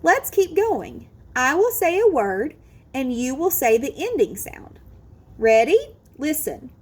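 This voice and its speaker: A woman teaching a kindergarten phonics lesson, sounding out words slowly and with exaggerated care. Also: high voice, sing-song. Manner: drawn-out, exaggerated sounding out of words, sing-song encouragement. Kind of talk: slow, careful phonics lesson for young children.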